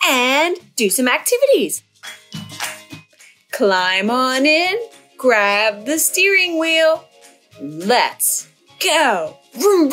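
A woman's voice: high voice, sharp tone. A woman hosting a children's library storytime, playful and sing-song as she reads aloud and leads rhymes.

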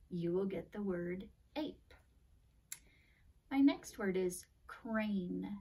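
Slow, mellow woman teacher, heard from afar. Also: medium pitch, distant mic. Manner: slow, deliberate sounding-out of letters. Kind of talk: classroom phonics lesson.

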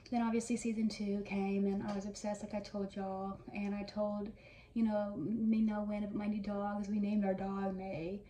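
A young woman around twenty talks through her fan memories, eager and filler-heavy, in a mellow, even voice. She sits a little back from the mic in an echoey room with faint noise behind. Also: medium pitch, moderate pace, far from the mic. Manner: gushing fan storytelling with many fillers. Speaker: vlogger. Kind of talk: casual reminiscing monologue.

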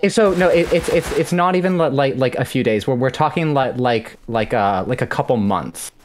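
Calling in to a stream, this twenty-something man wants relationship advice and stumbles through it with constant swearing and stammered rambling. He speaks at a moderate pace in a medium pitch.

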